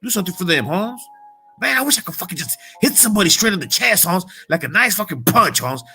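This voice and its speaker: Man, bright forceful voice, profane motivational rant, faint music bed. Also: high-pitched, sing-song, fast. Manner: profane, heated, repetitive street slang. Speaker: motivational vlogger.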